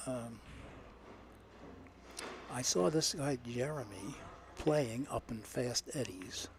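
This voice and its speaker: An older man, a guest in the commentary booth, chatting casually in a rambling, halting way and laughing often. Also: mid-range voice, slight background noise. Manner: rambling, laughing, hesitant with many uhs. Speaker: booth guest, amateur player. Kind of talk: casual chat. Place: commentary booth at a pool hall.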